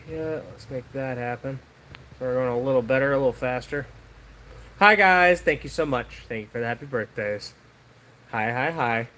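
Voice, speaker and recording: A man's voice: medium pitch, far from the mic. A man hosting a casual live stream, chatting and thanking viewers between practice throws. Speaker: livestream host. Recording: echoey room with noise.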